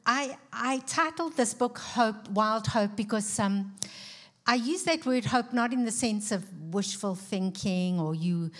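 A woman's voice: on the high side, unhurried, fairly bright tone. A middle-aged woman with a South African accent, a guest speaker in church, telling her own story earnestly with frequent ums. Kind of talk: personal testimony in a church service.

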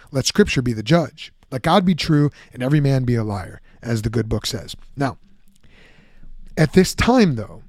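A man giving a lively, conversational Bible teaching, often acting out the objections he answers. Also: mid-range voice, dry recording, clean studio sound. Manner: animated, conversational, acts out objections.

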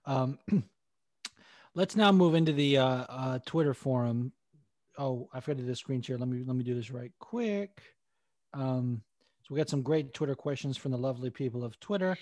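Here a man co-hosting a casual MMA podcast rambles about fights, laughing and swearing often. His mid-range voice is a little mellow and goes at normal speed, in clean studio sound with no echo.

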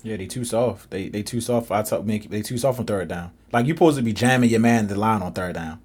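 A man's voice: fairly low pitch, brisk, a little mellow, husky. A man co-hosting a sports talk show, exasperated, repeating himself in casual slang. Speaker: sports podcast co-host.

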